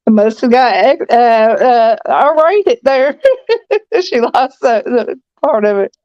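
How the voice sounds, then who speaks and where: A woman's voice: a little high, no room sound, dull audio. A woman with a Southern US accent, chatting and giggling often in a casual late-night group call. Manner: giggly, slow drawl. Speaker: chat participant.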